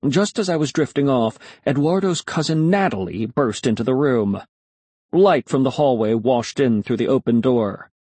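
Man, storybook narrator, husky voice, lively pitch, dry close sound. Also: normal speed, dry recording. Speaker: audiobook narrator. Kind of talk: first-person storybook narration.

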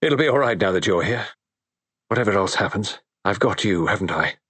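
A man's voice: fairly low pitch, animated, brisk, fairly bright tone, breathy edge, no room sound. A man reading a fretful, anxious young husband. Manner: nervous, reassuring himself. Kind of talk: audiobook character voice.

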